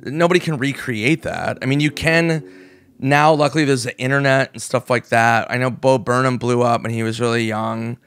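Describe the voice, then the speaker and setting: A man's voice: mid-range voice, steady tone, normal speed, a bit bright, clean tone, no room sound, studio quality. A man in his forties from the United States, a comedian guest telling stories in casual chat, swearing freely and acting out what people said. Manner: swears freely and acts out quoted voices. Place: podcast studio.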